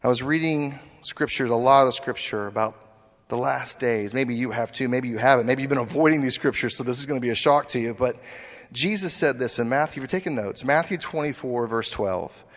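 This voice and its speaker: A man's voice: mid-range voice, a little fast. A man preaching a sermon as a pastor, storytelling and asking rhetorical questions. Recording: long church reverb.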